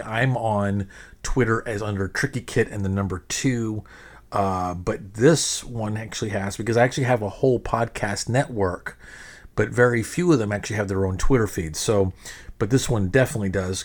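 A middle-aged man hosting a podcast in a casual, rambling monologue, swearing freely and often restarting his sentences. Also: lowish voice. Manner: rambling, profane, frequent restarts. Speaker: podcast host.

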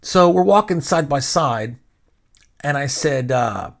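A man's voice: on the high side, expressive, slow pace. A man hosting a podcast, telling a long story in casual chat, rambling and indignant, swearing freely and restarting his sentences. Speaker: podcast host.

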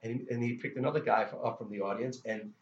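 Animated middle-aged man telling a story. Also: medium pitch, fast, a little hiss or hum. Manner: animated, with many restarts and stammers. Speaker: guest musician. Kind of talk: casual storytelling interview. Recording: roomy, dull lo-fi sound.

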